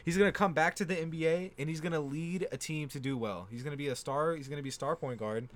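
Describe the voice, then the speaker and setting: A teenage boy co-hosting a casual sports podcast, animated and prone to stumbling over player names. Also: a little high, fast talker. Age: teens. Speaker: podcast co-host.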